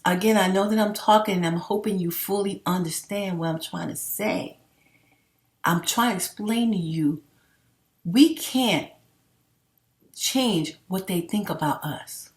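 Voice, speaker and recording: A woman's voice: mid-range voice, a little slow. Profane rambling middle-aged woman, roomy echo. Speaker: vlogger. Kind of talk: casual unscripted monologue to camera.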